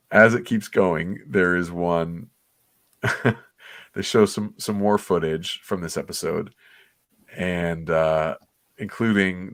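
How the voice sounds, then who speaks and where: This low-pitched man has a fairly bright tone and no echo on his voice. Co-hosting a comics livestream, he reminisces at length with enthusiasm about an old cartoon.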